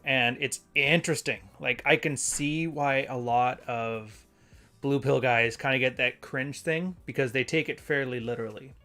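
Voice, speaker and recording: A man's voice: mid-range voice, moderate pace, pushed and bright, soft background music. A man hosting a casual solo show, talking in a loose, rambling way and reading passages aloud. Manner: rambling, conversational, self-correcting. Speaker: podcast host.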